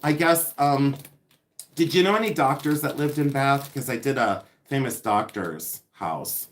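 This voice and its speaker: A man's voice: medium pitch, a little slow. Chatty, self-mocking man unboxing live. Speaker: live-stream antiques reseller. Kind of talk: casual live-stream chat. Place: indoors among boxes of haul. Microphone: device.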